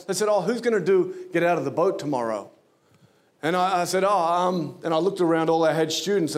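A man preaching a sermon, telling a story and acting out the voices in it. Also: a little high. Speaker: guest preacher.

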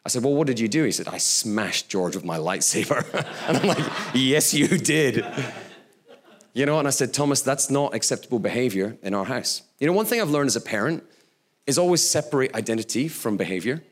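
A man's voice: mid-range voice, expressive, quick pace. A man in his thirties, a pastor preaching a sermon in a conversational, storytelling way with occasional laughs.

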